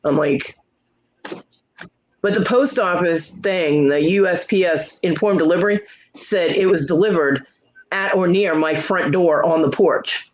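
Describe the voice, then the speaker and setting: A middle-aged woman hosting a casual livestream chat, telling a story with lots of swearing and jumping into high voices for quotes while greeting viewers. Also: a little slow, a little hiss or hum. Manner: profane, animated storytelling with leaping voices for quotes. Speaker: livestream host. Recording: muffled lo-fi stream audio.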